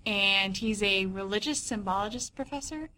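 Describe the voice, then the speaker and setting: A young woman co-hosts a book podcast, explaining an author's books in a rambling, casual chat. Her voice sits mid-range with a sharp tone at normal speed, and there's a little hiss or hum in the audio.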